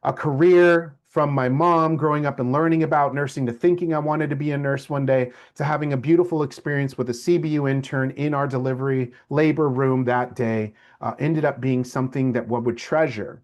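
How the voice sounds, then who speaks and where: A man's voice: medium pitch, normal speed, hardly any pauses. A middle-aged man, a lecturer telling a personal story to his class and acting out the voices of the people in it. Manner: animated storyteller, acts out quoted voices.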